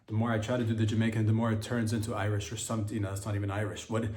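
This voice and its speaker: A man's voice: on the low side, level tone, very fast, darkish tone, reverberant, slight background noise. A man hosting a comedy podcast, ranting casually in a rambling, profane style with many restarts.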